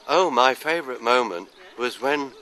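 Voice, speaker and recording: A man's voice: medium pitch, lively intonation, moderate pace, pushed and bright, low-quality recording. An older man from London, an actor answering interview questions in a chatty, anecdotal, self-deprecating way.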